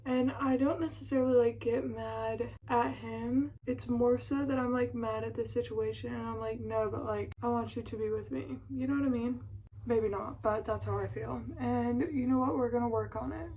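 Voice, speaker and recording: A woman's voice: fairly high pitch, steady tone, moderate pace, dark tone, slight background noise, rough recording. A woman in her twenties chatting casually to a phone camera at home, rambling with lots of fillers and emotion. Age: 20s. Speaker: vlogger. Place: at home, indoors.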